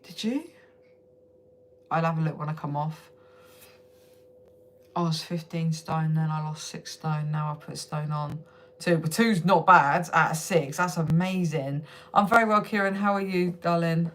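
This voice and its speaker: A woman's voice: deep voice, fairly even intonation, a little slow, pauses often, a little hiss or hum. A young woman hosting a casual live stream from home on her phone, chatting with viewers, laughing often and swearing freely. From United Kingdom. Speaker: livestream host.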